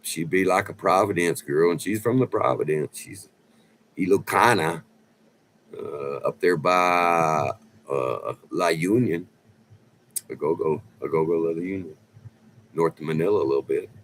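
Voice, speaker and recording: Loose, profane and rambling, a middle-aged vlogger spins out stories while repeatedly calling people "man." His voice is low-pitched, and the poor audio has a little hiss or hum.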